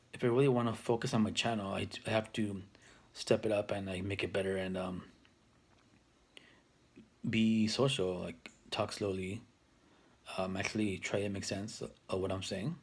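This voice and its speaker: A man's voice: fairly low pitch, creaky, slightly rough. A man in his thirties talking to camera for his own video channel, rambling with many restarts and fillers. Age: 30s. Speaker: vlogger. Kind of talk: casual talk to camera.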